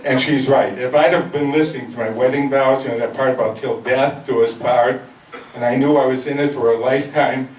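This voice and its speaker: Delivering dry jokes at his own expense, an older Chicago-area comedian works a club crowd at a brisk pace. His medium-pitched voice stays steady in tone, captured in an echoey, distant, noisy recording.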